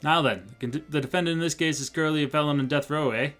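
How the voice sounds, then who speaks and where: A man's voice: on the high side, fast talker, a bit bright, faint music behind, lightly acted. A man voicing a folksy older male judge with a put-on Canadian accent, friendly and rambling. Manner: rambling, friendly, ends lines with "eh". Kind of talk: let's play voice acting.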